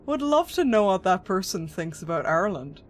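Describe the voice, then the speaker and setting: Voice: mid-range voice, very animated, normal speed. A gaming streamer chatting casually during a live stream, rambling and answering chat. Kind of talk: live game stream commentary.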